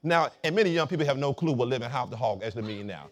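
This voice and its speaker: A male pastor from Florida preaching a sermon, calling on the congregation to answer and swelling loud on key points. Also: medium pitch, lively intonation, very fast, hardly any pauses.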